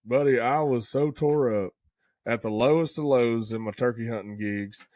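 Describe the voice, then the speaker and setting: A man's voice: medium pitch, moderate pace, a little mellow, no echo. A man, co-hosting a podcast and telling a hunting story in a folksy, casual way. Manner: folksy storyteller, says "buddy" and "dude" a lot. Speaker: podcast co-host.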